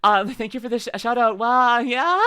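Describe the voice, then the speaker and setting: A woman's voice: on the high side, animated, moderate pace, pushed and bright, smooth, no room sound. A young Canadian woman with a Canadian accent, chatting casually with viewers on a livestream, bubbly and giggly, calling people darling and bud. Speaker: VTuber streamer.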